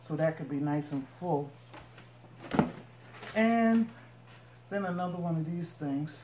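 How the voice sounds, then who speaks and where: This woman, a couponing vlogger, takes it slowly as she unboxes items and chats to her viewers in an expressive, deep voice. The recording has echo and noise.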